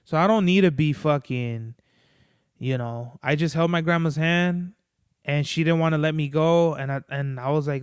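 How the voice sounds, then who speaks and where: A man's voice: on the high side, moderate pace, clean tone, no room sound, clean studio sound. A man hosting a podcast, rambling in casual chat, swearing often and peppering his talk with "like" and "bro.". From Mexican-American family. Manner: rambling, profane, lots of "like" and "bro". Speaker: podcast host. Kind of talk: casual solo monologue.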